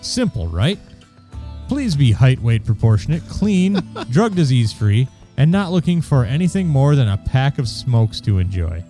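A man's voice: medium pitch, very animated, measured pace, warm tone, soft background music. A man hosting a podcast, reading personal ads aloud in a wry, crude way and laughing along. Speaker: podcast host.

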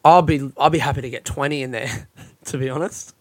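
A man's voice: mid-range voice, a little fast, no room sound. A young Australian man, a comedian, rambling through a casual solo podcast, tired and yawning, swearing often and running himself down, recorded on a phone in a friend's hot house. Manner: rambling, sweary, self-deprecating.

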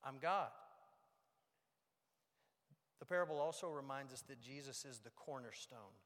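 Fervent man preaching in a hall. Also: brisk. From United States. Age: young adult or middle-aged. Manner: dramatic, swings from loud emphasis to hushed low lines. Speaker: pastor. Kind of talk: sermon. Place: church sanctuary. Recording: long reverb of a large hall.

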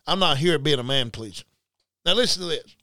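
A man's voice: on the high side, animated, fairly quick, pushed and bright, no echo. A man preaching a sermon, emphatic and repetitive, talking straight to his listeners. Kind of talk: livestreamed sermon.

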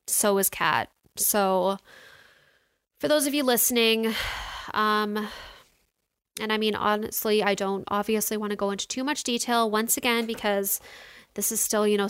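Filling her talk with "like" and "you know," a young woman casually recounts her week for her viewers. Her medium-pitched voice is smooth, clean, and a touch bright, and the recording is close and dry. Emotion comes through, along with a throat that's getting a little sore.

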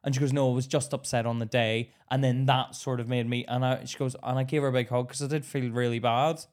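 A man co-hosting a casual podcast, telling a workplace story with plenty of laughter. He acts out the voices of the people in his story, jumping between quoted lines. His voice sits at an ordinary middle pitch for a man. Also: fast talker. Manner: animated storytelling, acting out quotes, laughs often. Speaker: podcast co-host. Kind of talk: casual chat.

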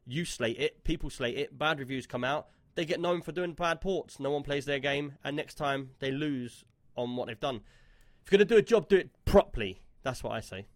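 A man's voice: medium pitch, moderate pace, few pauses, a bit bright, dry recording. A man co-hosting a casual gaming podcast, chatty and given to telling stories and reading out chat comments. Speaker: podcast co-host.

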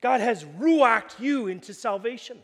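New pastor, very high voice, animated storytelling sermon, long hall reverb. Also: male voice, measured pace. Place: church hall.

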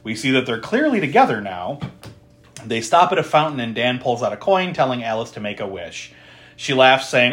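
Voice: medium pitch, big pitch swings, moderate pace, fairly bright tone. A podcast co-host recapping a film in casual chat, laughing often, swearing freely and tossing in sarcastic asides.

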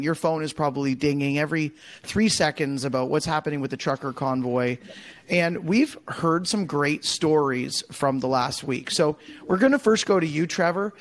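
Upbeat man hosting a podcast. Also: fairly high pitch. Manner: upbeat, chatty introductions. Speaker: podcast host. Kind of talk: casual podcast chat.

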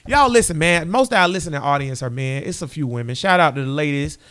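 A man co-hosting a sports podcast, speaking. His voice sits a little high. He tells stories in a relaxed, chatty way with easy filler words. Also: fast talker. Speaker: podcast co-host. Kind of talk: casual sports podcast banter.

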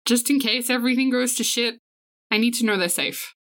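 A woman's voice: on the high side, fairly quick, fairly bright tone. A woman playing a tabletop role-playing game, casually narrating her character's actions and talking in character. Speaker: player.

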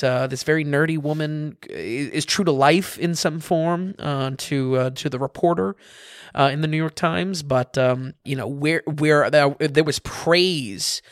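A man's voice: on the high side, no room sound, clean studio sound. A man hosting a casual podcast and reviewing films, talking in a rambling way with many fillers, restarts and frequent laughs. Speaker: film reviewer, show host.

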